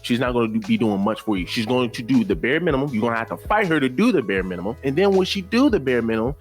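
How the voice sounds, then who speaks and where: A man delivering reaction commentary in an emphatic, lecturing tone, repeating lines for effect. His voice sits at an ordinary middle pitch, with faint music underneath. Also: big pitch swings, fast talker. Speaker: commentary host.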